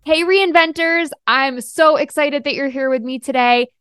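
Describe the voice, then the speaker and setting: A middle-aged woman hosting a coaching podcast, upbeat and emphatic, slowing down to stress key points. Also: high-pitched, a bit bright, no room sound, studio quality, faint music behind. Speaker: podcast host and life coach. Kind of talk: podcast monologue.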